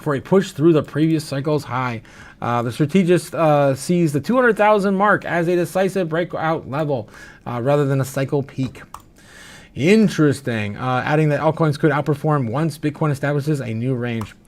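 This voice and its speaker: Slightly tipsy and a touch slurred, a crypto livestream host reads viewer comments in relaxed chatter, laughing often and using many "uh" fillers. His voice is a little high and his speed normal.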